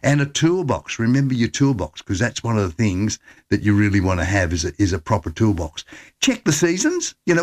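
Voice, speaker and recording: An upbeat, chatty Australian man hosting a radio show and giving travel tips. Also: medium pitch. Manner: chatty and upbeat, with repeated restarts. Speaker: radio host. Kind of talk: casual advice and radio presenting.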